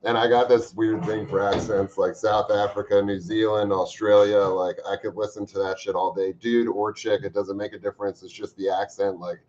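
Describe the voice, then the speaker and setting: A man hosting a livestream, chatting casually and reading out viewer comments with profane, joking bursts of loud emphasis. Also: on the low side, flat delivery, normal speed, few pauses, slight background noise. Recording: slightly dull lo-fi stream audio.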